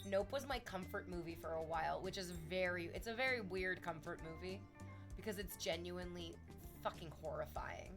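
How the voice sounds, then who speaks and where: This Canadian woman streams at a normal speed over faint background music, keeping a casual chat going with her viewers. Her manner is animated and full of laughter, with quoted moments delivered as high, excited shrieks.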